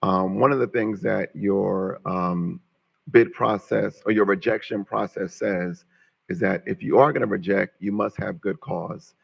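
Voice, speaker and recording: A man who owns a business, speaking during public comment at a council meeting, measured and hesitant with many fillers. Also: fairly low pitch, fairly even intonation, creaky, husky. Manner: measured, with frequent ums and uhs. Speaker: business owner addressing council. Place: city council chamber. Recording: dull lo-fi council audio.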